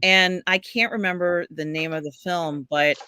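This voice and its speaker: A woman's voice: fairly low pitch, steady tone, moderate pace, sharp tone, smooth, dry recording. A woman hosting a casual live stream, rambling with many fillers, often laughing as she talks. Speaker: podcast host.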